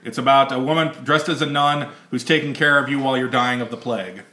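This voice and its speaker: A man's voice: medium pitch, fast, sharp tone, reverberant. A man hosting a casual podcast chat, rambling, laughing often and swearing freely. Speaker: podcast host.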